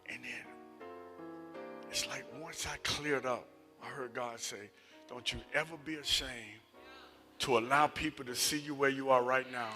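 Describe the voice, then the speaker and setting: A man preaching a sermon and telling personal stories, moving between loud emphatic passages and hushed near-whispers. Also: mid-range voice, steady tone, normal speed, soft background music. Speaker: associate minister. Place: church sanctuary.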